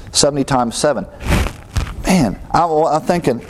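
A man's voice: on the high side, lively intonation, normal speed. A man teaching a sermon, reading scripture aloud and commenting on it with rising emphasis while walking around. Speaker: preacher.

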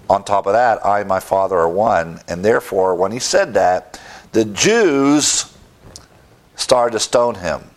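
A middle-aged male preacher delivering a sermon, emphatic and rising in pitch when he presses a point. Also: moderate pace.

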